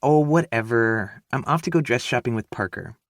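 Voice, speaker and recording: A man voicing a bubbly eighteen-year-old girl in an audiobook, high and excited. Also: moderate pace, no echo, studio quality, close to an everyday voice. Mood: breezy. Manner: high, excited and sing-song.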